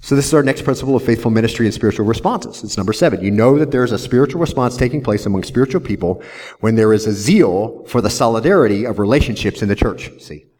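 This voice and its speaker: A man's voice: fairly low pitch, expressive, quick pace, darkish tone. A man pastor preaching a verse-by-verse sermon in an earnest manner, often tagging "see?" onto his points.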